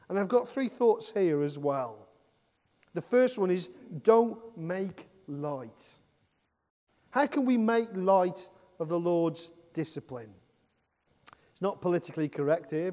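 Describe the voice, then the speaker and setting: A man's voice: on the high side, dark tone. A middle-aged man from England, preaching a sermon in a conversational way, asking rhetorical questions and acting out the words he quotes. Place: church. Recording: long reverb of a large hall.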